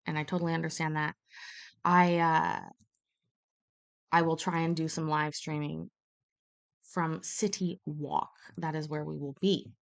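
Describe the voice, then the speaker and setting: A woman's voice: deep voice, flat delivery, a little slow, vocal fry, long pauses. A woman live streaming from a hotel room, telling stories in a blunt, profane, casual chat.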